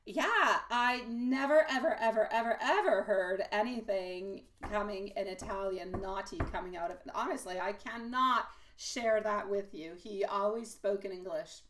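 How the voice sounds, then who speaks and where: Woman, live-stream tarot reader, mid-pitched, warm pet-name patter, slightly distant mic. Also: slight background noise. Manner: chatty and affectionate, calls viewers pet names; laughs often, quick asides. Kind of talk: live-stream tarot reading, chatting with viewers.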